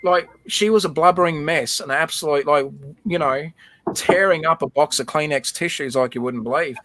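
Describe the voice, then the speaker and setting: A man's voice: fairly high pitch, normal speed, fairly bright tone. A man hosting a livestream, telling a personal memory in casual chat and often repeating words. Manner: emotional storytelling, repeats words. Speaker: livestream host.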